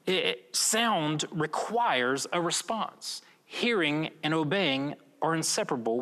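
A man's voice: fairly high pitch, pushed and bright, long reverb tail. A young man preaching a filmed sermon in an earnest, conversational way, often checking in with "right?". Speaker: pastor.

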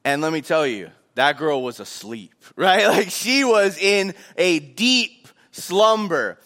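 A young man, a pastor, telling a lively personal story in a sermon and acting out what was said. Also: fairly high pitch, slow. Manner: animated, acts out quotes.

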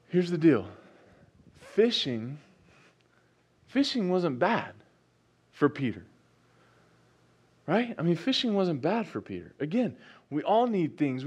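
A man's voice: on the high side, husky. A male pastor preaching a sermon, reading scripture and repeating key phrases with rising enthusiasm. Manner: preaching with rising excitement and repetition.

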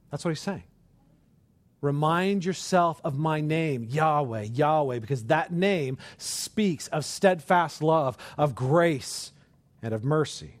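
A man preaching a sermon with animated delivery, rhetorical questions and repeated words. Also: a little high, slow pace, dry recording. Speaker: pastor.

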